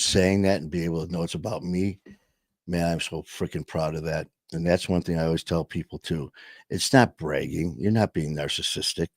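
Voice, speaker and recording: A man with a very deep voice talks in a loose, rambling monologue, leaning hard on words and swearing freely. He sounds like a show host speaking casually to his audience. The recording is dry and close, with no room sound. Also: a little mellow, no room sound. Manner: rambling, emphatic, peppered with swearing.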